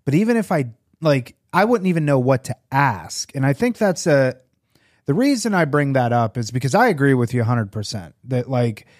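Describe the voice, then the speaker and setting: Recovery podcast co-host, man, mid-pitched, candid and rambling, dry close mic. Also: big pitch swings, normal speed, no echo. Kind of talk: casual conversation.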